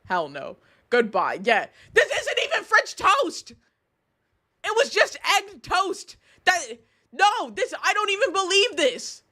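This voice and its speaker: A woman's voice: extremely high pitch, wildly swooping pitch, slow pace, pushed and bright. A woman streamer, chatting to her audience and ranting with outrage and laughter. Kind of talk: casual live-stream chat.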